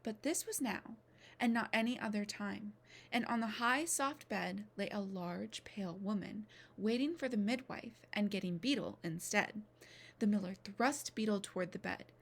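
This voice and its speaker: A woman reading a novel aloud in an expressive way, sometimes dropping to a whisper. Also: medium pitch, normal speed. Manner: expressive, drops to a whisper at times. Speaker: reader.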